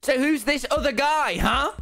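A young man streaming a game live, loud and excitable, shouting and swearing often. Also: very high voice, moderate pace, creaky, over music. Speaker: gaming streamer. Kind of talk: live gameplay commentary.

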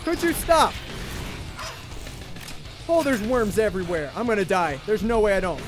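Young man, very high voice, excitable gameplay commentary, jokey, talking to chat, faint music behind. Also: moderate pace. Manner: excitable, jokey, talks to chat, repeats himself when panicking. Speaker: gaming livestreamer.

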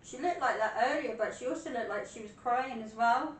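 A woman with a British accent co-hosting a paranormal livestream, friendly and playful with viewers. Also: fairly quick. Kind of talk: casual livestream chat. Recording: roomy, distant, faint rumble.

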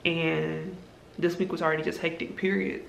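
A young woman talks straight to her phone, worn out and venting. Her voice has a gravelly fry, and a steady hiss of noise sits under the phone recording. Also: sits low, moderate pace. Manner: tired, venting and exasperated. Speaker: vlogger and hairstylist. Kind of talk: casual vlog talk. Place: in a car, then at home.

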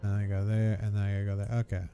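A man's voice: fairly low pitch, completely flat delivery, fast, warm tone. A man casually commenting on his own gameplay, playful and chuckling as he goes. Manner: playful, chuckling, self-narrating. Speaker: gamer, video host.

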